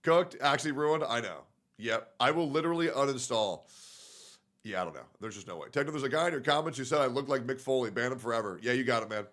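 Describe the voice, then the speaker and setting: A young male streamer talking to his chat in a middle-pitched voice, casual and profane. He leans on fillers like "like" and trails off into low mutters between reactions. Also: fast talker, fairly bright tone.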